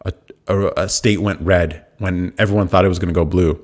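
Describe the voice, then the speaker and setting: A young American man hosting a live podcast, telling a story in a casual, animated way and swearing freely. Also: low-pitched, a little fast. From United States. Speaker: podcast host. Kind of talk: casual livestream talk.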